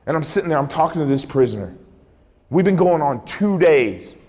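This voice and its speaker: A man's voice: a little high, sing-song, fairly quick, a little mellow. A man giving a dramatic storytelling talk as a keynote speaker, acting out the dialogue he recounts. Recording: echoey hall reverb.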